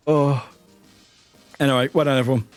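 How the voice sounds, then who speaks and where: A tired British man streaming live, chatting in a rambling, excitable way and swearing now and then. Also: mid-range voice, clear, resonant tone. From United Kingdom. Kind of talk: casual livestream chat.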